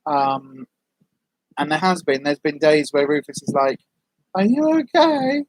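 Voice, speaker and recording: A woman's voice: sits low, little pitch movement, measured pace, no room sound. A woman chatting casually on a livestream, reading out viewer comments in a rambling, friendly way with lots of ums. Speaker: vlogger, livestream host.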